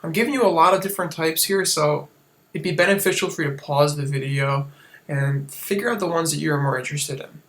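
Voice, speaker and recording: A man's voice: on the high side, a little fast, fairly bright tone. Casual male teacher explaining poetry forms. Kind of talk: recorded classroom lesson.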